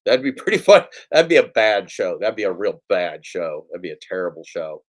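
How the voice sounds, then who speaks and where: A man's voice: deep voice, normal speed. Profane, rambling male livestream host. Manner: profane, self-mocking, rambling with repetitions. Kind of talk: casual rambling livestream talk. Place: home setup with computer.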